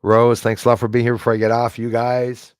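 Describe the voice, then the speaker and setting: A man's voice: medium pitch, completely flat delivery, a little fast, smooth, no room sound, clean studio sound. A man from Montreal, hosting a live stream and casually thanking his viewers as he signs off, switching between French and English. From Montreal, Canada.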